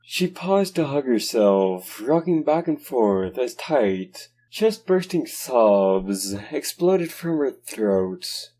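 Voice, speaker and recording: A man narrating a horror story slowly and dramatically. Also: mid-range voice, very animated, dark tone. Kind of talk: dark horror story reading.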